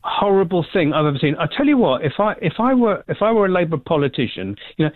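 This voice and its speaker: A man's voice: on the high side, sing-song, quick pace, no room sound. A man from England calling into a radio show, indignant and tripping over his words. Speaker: radio caller. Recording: tinny dry phone line.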